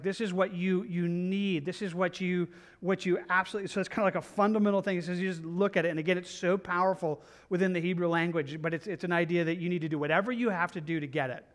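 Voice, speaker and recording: A man preaching a verse-by-verse Bible study, earnest and conversational, repeating himself often. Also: fairly high pitch. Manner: earnest, repetitive, conversational with many restarts. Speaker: pastor.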